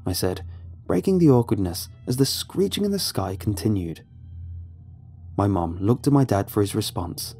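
A man narrates a first-person horror story in a measured, suspenseful manner. His voice is mellow and low in brightness, with lively swings of pitch. Quiet music runs in the background. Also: breathy edge. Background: faint music.

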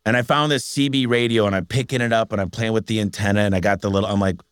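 A man with a lowish voice tells stories as a business owner being interviewed. He is energetic and animated, slipping into the voices of the people he quotes. The sound is close and dry. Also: quick pace, clear, resonant tone, no echo. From Michigan. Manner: energetic, animated storyteller who acts out quotes. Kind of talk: casual storytelling interview.

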